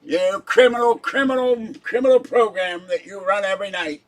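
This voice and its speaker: A pompous self-crowned general, put on by a man, thunders slow denunciations in a raised, loud voice. He draws out each title with mock grandeur. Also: natural voice. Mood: indignant. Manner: pompous, denouncing, booming slow proclamations. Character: blustering self-proclaimed ten-star general of the Lord, male. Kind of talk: livestream character bit.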